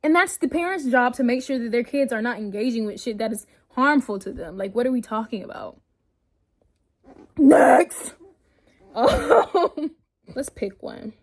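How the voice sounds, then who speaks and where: Woman vlogger with a bright, high-ish voice. Blunt, profane, animated rant with frequent laughs. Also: measured pace. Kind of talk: casual rant reading her notes.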